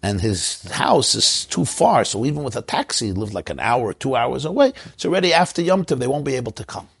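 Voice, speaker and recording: A man's voice: mid-range voice, sing-song, fairly quick, creaky, slightly rough. A man, a rabbi from Crown Heights, telling an emotional story in a sermon and mixing in Yiddish and Hebrew words. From Crown Heights, Brooklyn.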